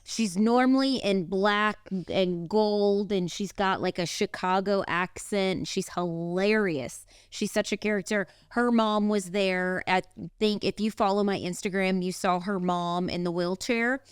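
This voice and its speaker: Chatty woman podcast co-host, smooth and clear, dry close mic. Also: mid-range voice, fairly even intonation, no echo. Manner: chatty storyteller, quick asides and laughs. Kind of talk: casual chat.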